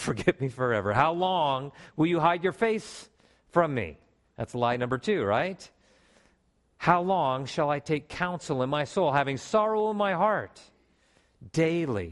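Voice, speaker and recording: A man preaching a sermon to a congregation, animated, with emphatic rises and calls for response in a church. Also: fairly high pitch. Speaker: pastor.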